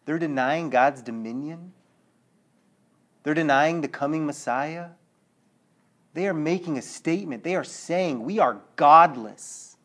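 A man preaching a sermon, animated, acting out quotes and checking in with his listeners, dropping low and quiet at the sad points. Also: measured pace, long pauses.

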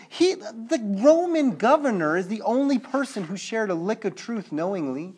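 A man preaching with lively energy, slipping into little acted voices and checking in with the room. He sinks to a low, hushed tone when the message turns heavy. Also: normal speed, few pauses, breathy edge. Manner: animated, acts out quotes, checks in with listeners. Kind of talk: sermon.

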